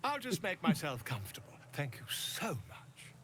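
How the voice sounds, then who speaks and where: A man's voice: a little high, wildly swooping pitch, moderate pace, bright, forceful tone, slight background noise, heavily acted. An actor playing a pompous, chatty male traveling author in a video game, with a flowery, theatrical, self-important delivery. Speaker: game character.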